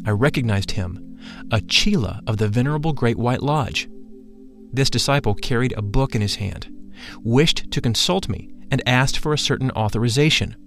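A man's voice: medium pitch, a bit bright. Man solemnly reading a spiritual memoir. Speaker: narrator.

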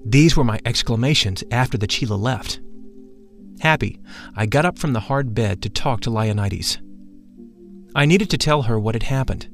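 Male narrator for a first-person spiritual memoir; steady, solemn, mid-range voice, soft music under it. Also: medium pitch. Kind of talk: audiobook narration.

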